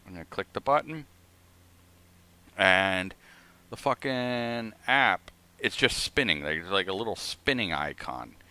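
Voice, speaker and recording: A man's voice: sits low, expressive, unhurried, sharp tone, smooth. A man streaming a flight simulator, telling a rambling, profane story in casual chat.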